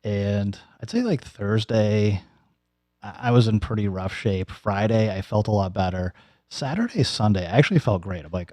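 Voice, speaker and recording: A man with a lowish, mellow voice tells a rambling personal story with lots of fillers and restarts. He speaks close to the mic in a dry, dead room with no echo. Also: moderate pace. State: recovering from nose and throat surgery. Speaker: YouTuber giving a personal update. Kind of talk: casual storytelling vlog.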